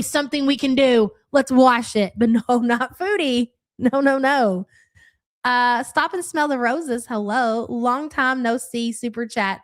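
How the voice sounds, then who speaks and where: A young adult woman giving casual live-stream reaction commentary, blunt and sarcastic, swearing freely and thanking viewers. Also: on the high side.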